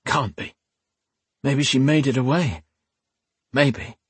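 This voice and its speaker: A man voicing a weary young fighter with a hoarse, gravelly voice. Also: mid-range voice, slow pace, no echo, pitched above the performer's own voice. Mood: grim.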